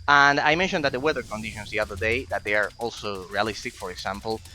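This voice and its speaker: A man's voice: lowish voice, fast, bright, forceful tone, faint music behind, rough recording. A man, from Italy, giving analytical let's-play commentary as a gaming streamer, musing aloud with plenty of fillers.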